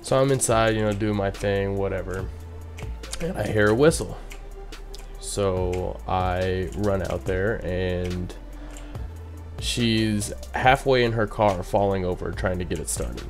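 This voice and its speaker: Laid-back man with a low voice. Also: takes it slowly, soft background music. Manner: rambling, many "you know what I mean" asides. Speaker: bartender telling a story. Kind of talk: casual storytelling vlog.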